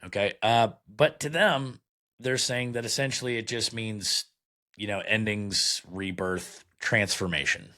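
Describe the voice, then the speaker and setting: A man with a somewhat low voice hosts a podcast and reads card meanings aloud one by one. He picks them apart bluntly, with dry sarcasm and plenty of "um" and "okay". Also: a little slow, bright, forceful tone, faint music behind. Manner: sarcastic, blunt, with frequent fillers. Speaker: podcast host. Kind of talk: critical commentary reading card meanings aloud.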